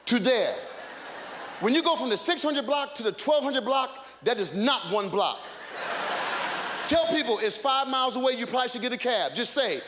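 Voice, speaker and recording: A man from the United States doing stand-up, ranting loudly and in exasperation to a live audience. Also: extremely high pitch, lively intonation, normal speed. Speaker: stand-up comedian. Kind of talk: stand-up comedy set. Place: comedy club stage, live audience. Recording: echoey live hall with crowd and noise.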